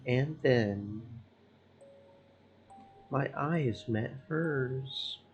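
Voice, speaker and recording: A man streaming a game, reading its story text aloud in slow, measured narration. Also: mid-range voice, muffled recording, faint music behind.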